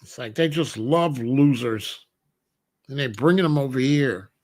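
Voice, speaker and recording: At a measured pace and medium pitch, a man gives casual, slangy commentary. He's animated, often acting out the voices of the people he talks about.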